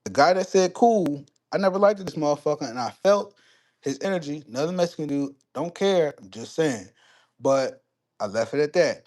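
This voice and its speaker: A man's voice: a little high, animated, darkish tone. A man on a live stream casually telling a story and answering chat, swearing freely and getting heated. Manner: profane, heated when retelling conflicts, quick asides to chat.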